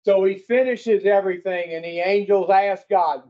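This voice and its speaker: Man, high for his sex, blunt folksy recovery group speaker; dull lo-fi recording. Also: moderate pace, few pauses, a little mellow. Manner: folksy, blunt, swears, quizzes the audience. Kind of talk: casual teaching talk to a group.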